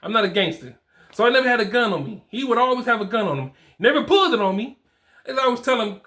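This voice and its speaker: A man's voice: very high voice, lively intonation, fast, fairly bright tone. A man in his forties giving blunt fatherhood advice in casual slang, repeating his points for emphasis. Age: 40s. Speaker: fatherhood coach. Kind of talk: advice talk to camera.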